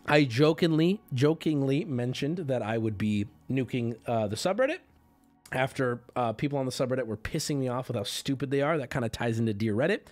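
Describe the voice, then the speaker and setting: A man's voice: medium pitch, moderate pace, faint music behind. A man livestreaming and talking casually to his chat, rambling, joking and swearing freely. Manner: rambling, profane, jokey.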